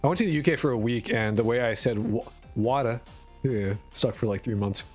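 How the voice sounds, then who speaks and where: A man's voice: medium pitch, fairly quick, soft background music. A man from rural Connecticut, with a mixed New York, Boston and Connecticut accent, chatting casually and profanely on a game dev live stream. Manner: rambling, profane, self-deprecating.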